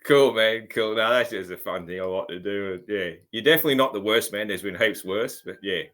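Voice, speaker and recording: Bright-toned Australian man hosting a chat. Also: on the low side, brisk. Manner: rambling and easygoing, often calling the guest "man". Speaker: podcast host. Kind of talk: casual interview chat.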